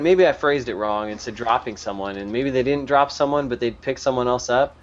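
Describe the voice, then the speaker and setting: A man's voice: mid-range voice, brisk, few pauses, dull audio. A man co-hosting a casual gaming podcast, ranting in a scornful, fed-up way. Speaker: podcast co-host.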